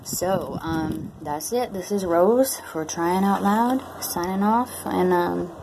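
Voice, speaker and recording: A woman vlogging in a loose, rambling way, full of fillers, her speech shaped by brand-new dentures. Her voice sits a little low. A steady background noise runs under the recording. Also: slow, poor audio. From Maine, USA. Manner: rambling and chatty, with many fillers. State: talking around brand-new dentures after tooth extractions. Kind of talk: casual chat to camera.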